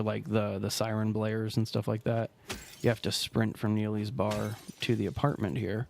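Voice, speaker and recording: A man's voice: fairly low pitch, vocal fry. A man streaming a video game, talking casually and rambling as he plays. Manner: rambling, relaxed, trails off mid-sentence. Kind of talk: casual gameplay commentary.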